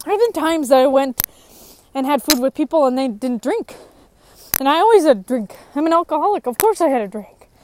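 High-voiced woman, frank and emotional. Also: a little mellow, a little hiss or hum. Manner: emotional and frank, voice rising when frustrated. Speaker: person in recovery sharing her story. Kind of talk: personal testimony.

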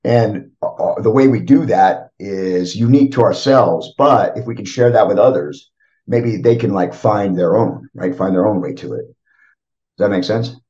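The recording is dull and lo-fi: a middle-aged man, speaking as a podcast guest, reflects casually and rambles with many fillers and repeated "right?" checks. His pitch is fairly low, his tone dark, and his pace measured.

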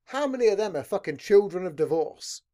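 A man talking loosely on his own podcast, his pitch bouncing all over as he rambles. He swears in nearly every sentence and keeps looping back on his own thoughts. The tone is an easygoing, unscripted chat between friends. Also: brisk. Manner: swears constantly, rambling, lively. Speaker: podcast host. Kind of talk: casual chat.

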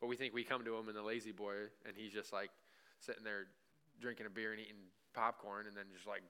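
A man preaching in a church, talking to the room like he's chatting with friends and checking in with "right?" every few lines. His voice is bright and forward, and it stays smooth and clear. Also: on the low side, little pitch movement, quick pace. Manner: conversational preaching with frequent "right?" asides; acts out imagined dialogue with God. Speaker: pastor. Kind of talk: sermon.

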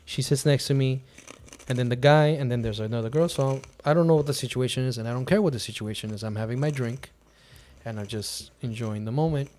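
Speaking fairly quickly in a mid-range voice, this podcast host chats casually through a long personal story. He gets animated, performing what he and other people said.

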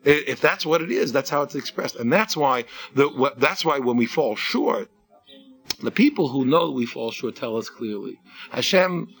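A man teaching a religious talk in a casual, animated way, full of restarts and rhetorical questions. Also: mid-range voice, normal speed. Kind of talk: informal Torah talk.

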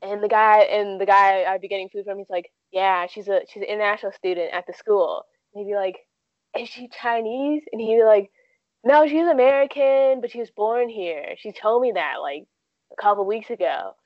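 A woman's voice: mid-range voice, fairly even intonation, a little fast, no echo. Chatty young woman, muffled dry sound. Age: 20s. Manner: chatty, frequent "like" and "um" fillers. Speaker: guest. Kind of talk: casual storytelling interview.

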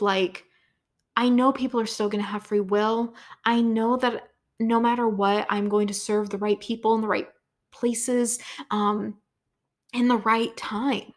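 A young adult woman hosting a podcast, talking through a motivational lesson in a chatty, casual way, tossing in "right?", filler words and the odd swear. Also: mid-range voice. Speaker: podcast host and business coach.

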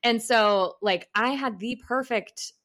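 A woman's voice: a little high, slow pace, fairly bright tone. A woman in her thirties, a podcast guest talking casually in an upbeat, chatty way with lots of "like". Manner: upbeat, chatty, says "like" often. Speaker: podcast guest, parental leave consultant. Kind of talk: casual chat.

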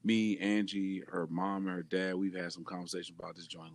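A man's voice: low-pitched, brisk, hardly any pauses. A man co-hosting a podcast, laid-back and musing in casual chat. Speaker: podcast co-host.

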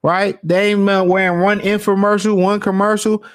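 A man's voice: sits high, moderate pace, clean tone. A man hosting a podcast, ranting casually with profanity and frequent laughter. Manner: profane, laughing, animated rant. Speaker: podcast host. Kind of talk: casual commentary.

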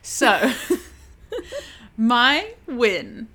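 A woman's voice: on the high side, drawn-out words. Giggly Australian woman chatting. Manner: animated, giggly storytelling. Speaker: podcast co-host. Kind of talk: casual chat.

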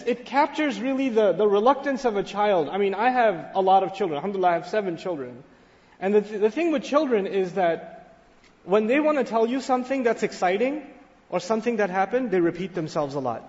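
A man giving a sermon-style lecture on scripture, animated and storytelling, acting out a child's excited voice. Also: sits high. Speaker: Islamic teacher. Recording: lo-fi recording in a reverberant hall.

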